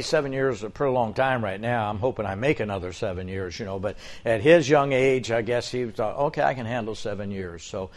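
A man in his seventies preaching a sermon, folksy and storytelling, with joking asides to the congregation. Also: mid-range voice. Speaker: pastor.

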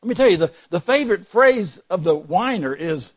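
A man's voice: high-pitched, lively intonation, normal speed. A man preaching a sermon in a church, telling folksy stories and joking with the congregation. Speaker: pastor.

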